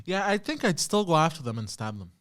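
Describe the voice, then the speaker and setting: A man co-hosting a casual comedy podcast, who talks with halting pauses and restarts. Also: a little high, sing-song, fairly bright tone, dry recording, clean studio sound. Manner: hesitant, reads aloud haltingly. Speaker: podcast co-host.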